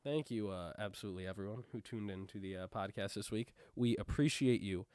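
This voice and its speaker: A man's voice: fairly low pitch, brisk, a little mellow, smooth, no room sound. A congested young man co-hosting a podcast, chatting in a laid-back, joking way. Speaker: podcast co-host. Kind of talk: casual podcast chat.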